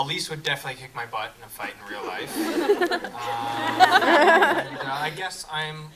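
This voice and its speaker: A young man, an actor on a festival panel, answering questions in a bashful, joking way. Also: on the high side. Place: large hall at a festival. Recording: distant mic, loud crowd and camcorder noise.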